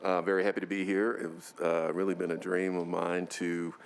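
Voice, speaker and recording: A man from Nashville, a lobbyist, introducing himself to a council committee in a steady, affable way. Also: low-pitched, moderate pace, a little hiss or hum. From Nashville, Tennessee. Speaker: contract lobbyist. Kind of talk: self-introduction at a meeting.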